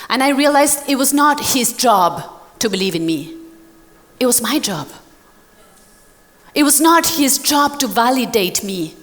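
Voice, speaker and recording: A young adult woman from Latin America giving an animated motivational talk to a live audience, laughing often and directing the crowd. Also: on the high side. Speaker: motivational speaker. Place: large event hall. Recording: long hall reverb.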